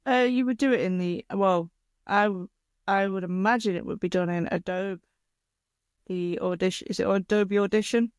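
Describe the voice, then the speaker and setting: A woman's voice: medium pitch, fairly even intonation, normal speed, a little mellow, clean tone, no echo. Laughing woman co-host, dry close sound. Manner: laughs often, informal, explains practically. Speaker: podcast co-host. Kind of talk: casual podcast chat.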